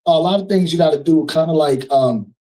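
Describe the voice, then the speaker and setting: A man's voice: on the high side, fairly quick, mellow, distant mic, poor audio. Loose-talking male emcee, heard from afar. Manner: loose, preacher-like riffing with call-outs to the audience. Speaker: event host. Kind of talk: live fundraiser emceeing, joking with the crowd. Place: live event hall.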